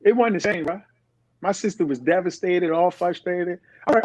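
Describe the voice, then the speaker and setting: Middle-aged male guest, fairly high voice, animated storyteller who acts out quotes, dull and dry recording. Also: a little fast, no echo. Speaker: podcast guest. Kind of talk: storytelling in conversation.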